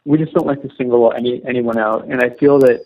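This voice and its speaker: A man's voice: medium pitch, steady tone, quick pace, a little mellow. A man from Canada, a musician, answering interview questions casually in a rambling way with many fillers and restarts. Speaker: musician guest. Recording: dull lo-fi line.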